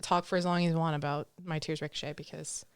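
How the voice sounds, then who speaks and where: A woman's voice: low-pitched, level tone, fast, clean tone, dry recording. A young woman co-hosting a podcast, talking casually and dramatically about her feelings, often giggling. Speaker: podcast co-host. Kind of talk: casual chat.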